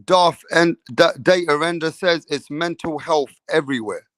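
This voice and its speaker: A man's fairly high voice, loose and profane, hyping up his chat on a boxing livestream. The sound is dry and close, with little room in it. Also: normal speed, no echo. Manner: loose, profane, hypes up chat with shout-outs. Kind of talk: casual livestream chat reading comments.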